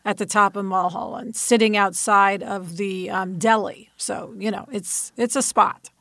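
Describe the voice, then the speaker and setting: A woman's voice: medium pitch, fairly even intonation, measured pace, a bit bright, no echo. A woman co-hosting a podcast in casual chat, eager and full of fillers, recorded in a studio. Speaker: podcast co-host.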